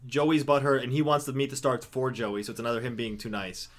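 A man's voice: medium pitch, little pitch movement, quick pace. A man co-hosting a casual podcast who retells a manga plot in a laid-back way and laughs as he talks. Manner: laid-back storytelling, laughs while talking. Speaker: podcast co-host. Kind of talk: casual chat recapping manga.

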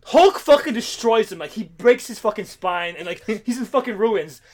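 A man's voice: high-pitched, normal speed, a crowd in the background. A man co-hosting a podcast, retelling a comic story in casual chat with lots of swearing. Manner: profane, animated retelling of a comic. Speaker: podcast co-host.

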